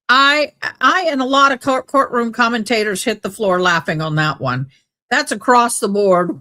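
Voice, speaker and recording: A woman's voice: fairly high pitch, expressive, moderate pace, pushed and bright. Woman with a wry, chatty livestream delivery. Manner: wry, chatty asides to viewers. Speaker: host of a live trial-watch stream. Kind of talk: live stream commentary and reading letters aloud.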